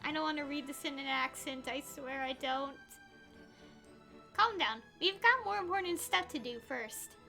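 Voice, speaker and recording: A woman's voice: high-pitched, moderate pace, creaky, hardly any pauses, bright, forceful tone. A woman streaming a game, reading its dialogue aloud with chatty, giggly asides. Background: game music.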